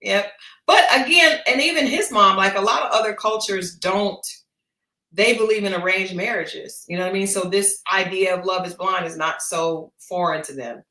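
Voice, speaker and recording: A woman's voice: mid-range voice, moderate pace, reverberant. A woman co-hosting a livestreamed chat show, giving blunt, gossipy commentary on a reality dating series. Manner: blunt, gossipy, animated retelling. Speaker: podcast co-host. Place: home studio for a livestream.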